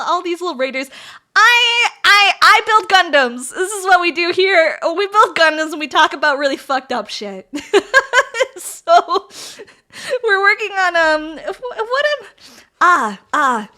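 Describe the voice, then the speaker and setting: A woman's voice: high voice, bright, forceful tone. A woman streamer chatting casually with her viewers while building model kits, playful and giggly, with frequent swearing. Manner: giggly, profane, playful banter with chat.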